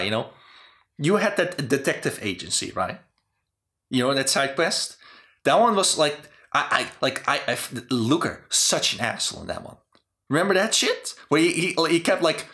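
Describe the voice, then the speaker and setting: A young man talks through game design in a loose, rambling chat, often cursing as his frustration builds. His voice sits at an ordinary middle pitch for a man. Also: a bit bright. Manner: rambling, profane, exasperated ranting. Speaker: host.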